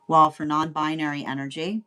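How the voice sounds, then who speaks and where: A woman's voice: low voice, little pitch movement, a little fast, fairly bright tone, smooth. A woman giving a casual spoken tarot reading, rambling and often asking "right?" as she laughs along. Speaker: tarot reader.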